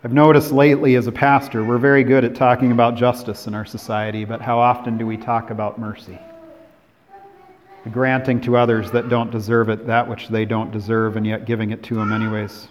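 Pastor guy from california preaching, goes loud then real quiet, big echoey church hall. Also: mid-range voice, little pitch movement, fairly quick, a little hiss or hum. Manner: dramatic preaching, swinging from emphatic to hushed. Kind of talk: sermon. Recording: long hall reverb.

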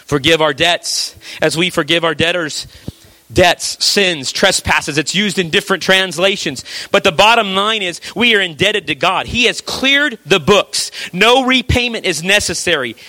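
A man preaching a sermon in a conversational way, with rhetorical questions and a habit of dropping low and quiet for emphasis. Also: a little slow, no echo. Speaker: pastor.

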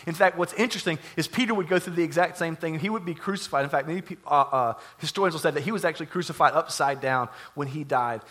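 A young adult man preaching a casual, jokey sermon, acting out quotes with lively energy. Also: on the high side, quick pace, few pauses. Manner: animated, jokey, acts out quotes. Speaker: pastor.

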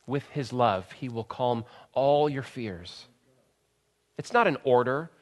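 A pastor in his thirties preaches a sermon earnestly, dropping soft and slow before rising into loud, emphatic bursts. His voice is medium-pitched and expressive.

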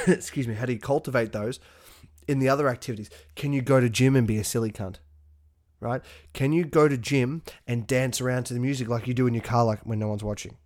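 Young aussie guy hosting a pep-talk podcast, swears a lot, punchy and fired up, mid pitch. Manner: profane, punchy, animated. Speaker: podcast host. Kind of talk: motivational podcast monologue.

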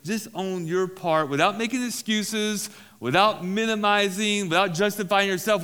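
Here a pastor preaches to a recovery group in a church hall, talking casually, repeating his main points and throwing in jokes at his own expense. The man's high-pitched voice is unhurried, clear, resonant and a touch bright, with a long reverb tail.

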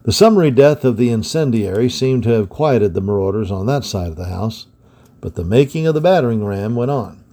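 A man with a gravelly voice reading a historical adventure book aloud in a steady, measured way. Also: on the low side. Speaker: storybook reader.

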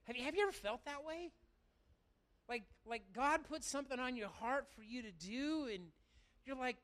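A man preaching a sermon to his church, animated and talking straight to the congregation. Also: extremely high pitch, moderate pace. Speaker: pastor.

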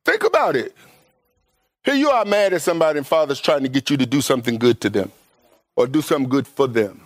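A man preaching with a fairly high voice that jumps up in emphatic bursts. He talks to the congregation in plain vernacular, mixing scripture with everyday asides. The sound is close and dry, with no room echo. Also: expressive, brisk. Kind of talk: sermon.

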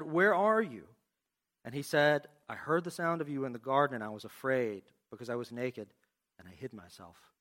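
Pasteur américain du Sud, voix assez aiguë. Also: male voice, a little high. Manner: expressive preaching, reads scripture aloud, asks the congregation questions. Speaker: pastor. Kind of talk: sermon.

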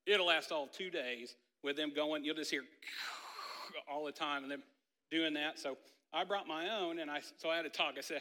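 Bright-voiced pastor in an echoing hall. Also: male voice, on the high side, normal speed. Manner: casual, storytelling, lots of "like" and "right?". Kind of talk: conversational sermon with personal story. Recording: long hall reverb.

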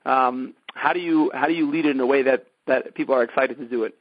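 A man's voice: medium pitch, quick pace, dry recording. A man hosting, asking thoughtful questions with many hesitant fillers. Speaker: host. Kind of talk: interview questions. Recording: dull, dry lo-fi sound.

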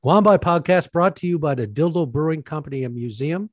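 A man's voice: a little high, lively intonation, fairly quick, no echo. A man hosting a casual podcast chat with his brother, jovial and self-mocking, laughing often. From Newfoundland. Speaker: podcast host; preacher.

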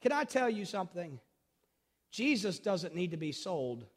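A middle-aged man and pastor preaching a sermon, switching between loud, urgent emphasis and quiet storytelling, repeating phrases and speaking straight to his listeners. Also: high voice, big pitch swings, moderate pace. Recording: long reverb of a large hall.

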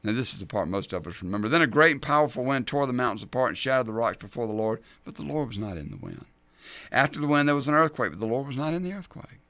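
A male pastor preaching a sermon in an animated way, acting out the scripture he reads. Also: mid-range voice, quick pace, dry recording. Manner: animated, dramatizes scripture in voices.

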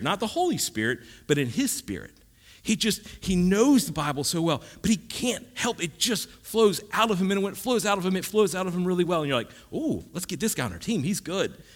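A man preaching a sermon in a conversational teaching style, with jokes and asides. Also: sits high. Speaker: pastor.

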